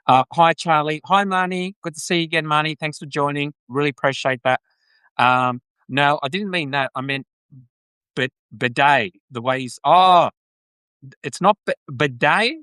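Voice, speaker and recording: A man's voice: a little high, fairly bright tone, no echo. An Australian man hosting a live video podcast, chatting casually and greeting viewers in the chat. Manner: chatty, rambling, reads out viewer comments. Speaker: podcast host.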